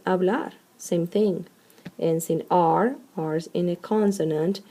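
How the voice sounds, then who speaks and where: Woman teacher, lowish warm voice, unhurried, breaks words into syllables for students. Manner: deliberate, spells out syllables one at a time. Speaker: Spanish teacher. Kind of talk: explaining a lesson step by step.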